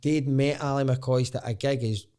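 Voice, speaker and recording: A Scottish man in his thirties, a stand-up comedian guesting on a podcast, telling lively anecdotes with casual swearing. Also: mid-range voice, moderate pace, clean tone. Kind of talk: casual storytelling chat.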